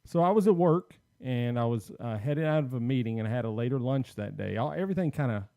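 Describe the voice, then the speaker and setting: A man hosting a casual podcast, telling an animated story and acting out what people said. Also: mid-range voice, fast talker, vocal fry, dry recording, clean studio sound. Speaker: podcast host.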